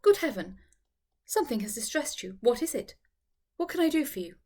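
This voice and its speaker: A lively young lady, as a woman reader puts her on, brisk and coaxing in a fairly high voice. She sounds worldly and teasing, as in an audiobook of a classic novel. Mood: concerned. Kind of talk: audiobook reading.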